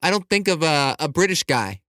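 A man co-hosts a podcast in casual chat and keeps teasing his partner sarcastically. His voice is bright and a little high, and the sound is dry. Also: big pitch swings, a little fast, no echo. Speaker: podcast co-host.

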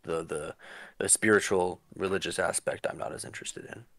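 A man voicing a solitary, irritable man who lives in the woods, speaking in a dry, measured, dismissive way in a tabletop game. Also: low voice, steady tone, a bit bright, dry recording.

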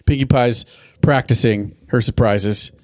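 A man co-hosting a podcast in casual chat, rambling and swearing as he recaps a cartoon episode and acts out lines in quick bits. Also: medium pitch, steady tone, a little mellow, no echo, clean studio sound. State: has the hiccups. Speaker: podcast co-host.

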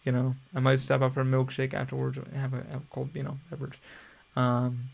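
Man, young adult, heavy vocal fry, flat delivery, casual swearing storyteller. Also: mid-range voice, fast talker. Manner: profane, rambling, laid-back. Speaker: podcast host.

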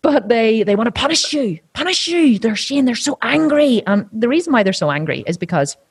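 A woman chatting as a podcast guest, blunt and animated, swearing freely and acting out what other people say. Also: fairly high pitch, brisk, slightly rough, dry recording, clean studio sound. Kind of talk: casual interview chat.

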